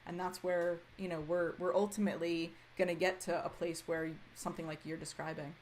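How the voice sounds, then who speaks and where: A woman's voice: lowish voice, flat delivery, a little fast, darkish tone, a little hiss or hum. A woman hosting an interview podcast, affirming her guest and summarizing points. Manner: affirming, summarizing, frequent "right". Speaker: podcast host. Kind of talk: conversational interview.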